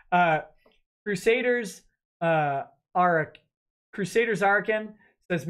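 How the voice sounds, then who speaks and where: High-voiced man reading chats, wryly. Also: fairly bright tone. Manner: wry offhand asides between messages. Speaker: lawyer livestream host. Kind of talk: reading out viewer super chats on a livestream.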